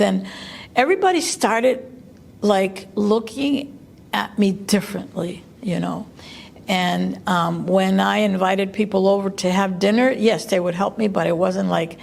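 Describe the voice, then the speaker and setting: Cuban-born woman telling her story, gravelly voice, chatty and lively, lots of ums. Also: medium pitch. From Cuba. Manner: lively, conversational, quick bursts with fillers. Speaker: co-director of a family arts program. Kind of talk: personal storytelling to camera.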